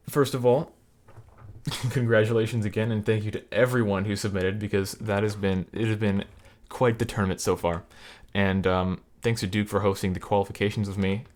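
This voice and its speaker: Laid-back low-voiced man commentating a game. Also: fairly even intonation, moderate pace. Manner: chuckling, loose, trailing off into fillers. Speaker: tournament host and commentator. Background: background music.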